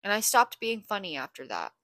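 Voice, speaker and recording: A woman's voice: medium pitch, huge pitch swings, fairly quick, bright, forceful tone, no echo, clean studio sound. A young woman hosting a podcast, talking in a blunt, candid, profane confessional monologue. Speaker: podcast host.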